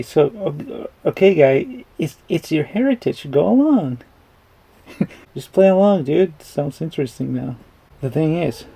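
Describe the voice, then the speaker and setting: A man's voice: a little high, vocal fry, warm tone, rough recording. A man giving rambling, casual commentary while reacting to a movie, chuckling and swearing freely.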